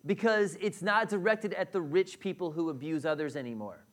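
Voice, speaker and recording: A man's voice: on the high side, moderate pace. A man preaching a sermon to a congregation, conversational and direct, often checking in with the room. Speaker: pastor. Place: church hall with a congregation.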